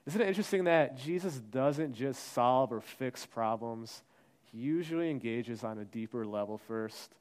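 A man preaching a sermon, acting out the voices he quotes and swinging between hushed and loud. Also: a little high, animated, unhurried. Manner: dramatic, acts out quoted voices, shifts from soft to loud. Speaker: pastor.

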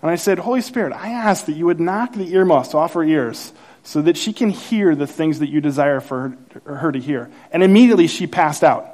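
Animated storytelling pastor, a man. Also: moderate pace. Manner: animated storyteller, acts out quotes, grows louder and higher as the story builds. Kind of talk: sermon with storytelling.

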